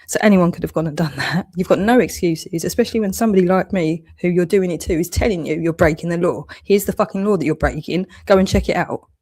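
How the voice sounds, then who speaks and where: A woman launches into an angry monologue rant, scolding and accusing amid heavy swearing as her anger builds. She talks fast with few pauses in a fairly low, darkish voice.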